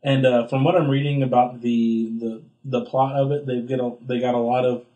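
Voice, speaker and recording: A young man chatting casually on a podcast, his speech loose and rambling with many fillers and restarts. His voice sits at a middle pitch, and he jumps into excited bursts when he retells a scene. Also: normal speed. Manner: rambling, filler-heavy, acts out quotes with big pitch jumps. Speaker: podcast co-host. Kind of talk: casual chat.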